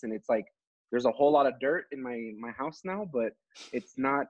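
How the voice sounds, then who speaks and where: A man's voice: medium pitch, moderate pace, darkish tone, dry recording, highs cut off. A man who is a teacher and co-hosts a podcast, telling a story in casual chat with many fillers and restarts.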